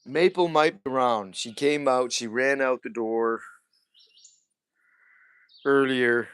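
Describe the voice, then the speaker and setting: A man's voice: medium pitch, slow, fairly bright tone. A man hosting a casual livestream from his home kitchen, rambling chattily and talking to his pets along the way. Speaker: livestream host.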